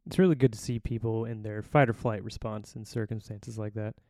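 Fast-talking profane male storyteller. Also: on the low side, no echo. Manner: profane, animated storytelling with voiced quotes. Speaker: podcast host; Navy recruiter. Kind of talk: casual storytelling.

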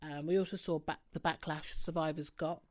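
A woman's voice: low voice, steady tone, fairly quick, a little mellow. A woman hosting a podcast, talking casually and turning to a serious topic. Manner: chatty, turning serious, with fillers. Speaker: podcast host.

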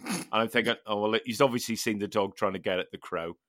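A man hosting a podcast, telling a funny story in casual chat with animated, laughing delivery. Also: on the low side, fast talker, no echo, clean studio sound. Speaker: podcast host.

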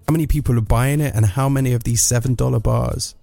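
Gravelly sardonic man. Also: medium pitch, fairly even intonation, quick pace, hardly any pauses, dark tone, faint music behind. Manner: sardonic, rambling rant with asides. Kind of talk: comic monologue.

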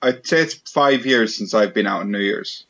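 A man's voice: fairly low pitch, normal speed, a bit bright. A man co-hosting a podcast, chatting casually and joking with friends. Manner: joking, laughs a lot. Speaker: podcast co-host. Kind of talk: casual chat. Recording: dull lo-fi sound.

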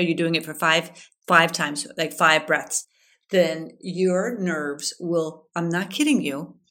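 A woman's voice: on the low side, fairly bright tone. A middle-aged woman hosting a podcast as a life coach, chatting casually, telling stories and guiding a breathing exercise. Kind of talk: casual solo podcast talk.

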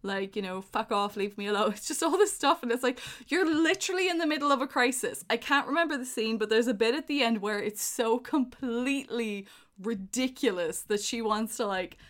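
Woman on a podcast, bit high voice, giggly, swears a lot, ranting about a movie. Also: fairly quick, a bit bright. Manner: giggly, swears freely, enthusiastic rants. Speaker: podcast co-host. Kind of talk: casual chat reviewing a film.

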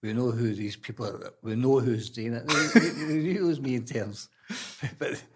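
An older Scottish man, a grandfather, talking casually in a halting, plain-spoken way. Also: medium pitch, husky. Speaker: podcast guest, grandfather. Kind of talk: casual chat.

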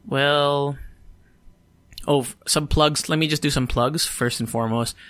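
A man's voice: fairly high pitch, fairly even intonation, a little slow, a bit bright, no echo. Sleepy man rambling on a podcast. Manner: rambling, swears freely, self-interrupting. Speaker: podcast host. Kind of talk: casual solo podcast chat.

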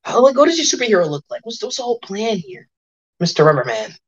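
A woman's voice: medium pitch, very animated, fast talker, breathy edge. A woman voicing a harried, weary male interviewer at a hero agency, sighing and stammering through repeats. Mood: sarcastic. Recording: dull lo-fi audio.

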